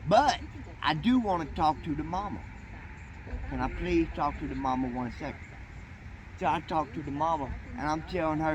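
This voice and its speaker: A man's voice: fairly high pitch, moderate pace, long pauses. A man telling a rambling story in folksy, profane, colloquial speech, as a train-hopping vlogger. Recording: noisy outdoor street recording.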